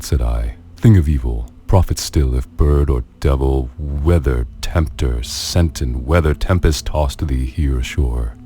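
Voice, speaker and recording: A man's voice: extremely low pitch, dark tone. A man giving a theatrical, brooding dramatic reading of a poem. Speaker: narrator. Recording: clip with faint music behind. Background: faint music.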